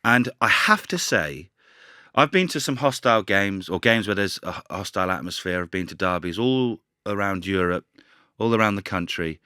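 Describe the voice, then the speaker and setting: Man, podcast co-host, casual football chat, animated, swears, dry sound. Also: low-pitched, normal speed, clear, resonant tone, no room sound. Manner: animated storyteller, swears freely.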